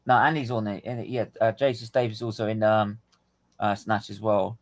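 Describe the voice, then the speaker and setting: Host with a London accent, chatty and profane, tells stories with lots of laughter. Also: male voice, on the low side, brisk. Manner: laughing, swearing, animated storytelling. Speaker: stream host. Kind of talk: casual live watchalong chat.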